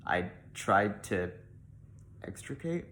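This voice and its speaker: A homespun Midwestern woman zookeeper pleads for help in folksy, drawn-out phrasing, as a man reads her letter aloud. The voice stays low and deep, and the reading is dry and deadpan. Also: slight background noise, heavily acted.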